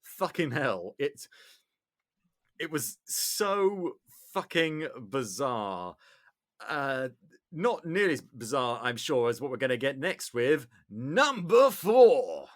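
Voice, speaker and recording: Lively English man, podcast host. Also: medium pitch, takes it slowly. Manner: animated storyteller, acts out bits loudly. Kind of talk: casual chat.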